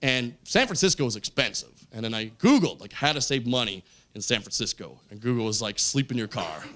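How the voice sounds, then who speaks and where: A man doing a stand-up set on a club stage, telling a story with lively character voices. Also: mid-range voice, a little fast. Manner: animated storytelling, acts out characters. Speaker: stand-up comedian. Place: comedy club stage with audience.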